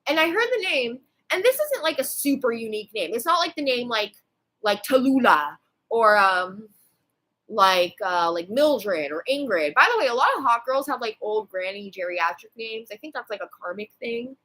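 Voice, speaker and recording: Twenties woman, bright, slightly high voice; rambling, sweary vlog rant full of fillers. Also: animated, moderate pace, low-quality recording. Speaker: vlogger.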